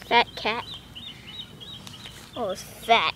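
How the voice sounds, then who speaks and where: A young woman films her cat outdoors with a handheld camera. She talks in a very high, sing-song voice, coaxing it in baby talk. A faint noise sits behind her. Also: big pitch swings, a little slow, long pauses, a bit bright.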